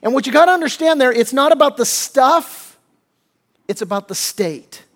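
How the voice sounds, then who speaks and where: A man with a high voice delivers a sermon from the pulpit, pressing his points hard and often restarting mid-phrase. He swings from loud emphasis down to a hushed near-whisper in tender moments. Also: animated, moderate pace. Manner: emphatic preaching with many restarts, voicing biblical figures in quotes. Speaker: pastor.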